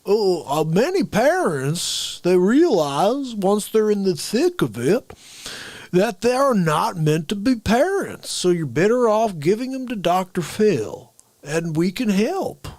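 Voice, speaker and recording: A man's voice: sits high, big pitch swings, slow pace, a little mellow, no room sound, heavily acted. Man doing a blustering TV advice doctor. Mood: pitching. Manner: salesy drawl, over the top. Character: folksy blustering male TV advice doctor, boastful.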